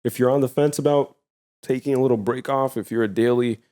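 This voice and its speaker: A man's voice: medium pitch, fairly even intonation, brisk, dark tone, smooth. Male co-host, American accent, loose and rambling. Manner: rambling, many fillers. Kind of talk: casual chat.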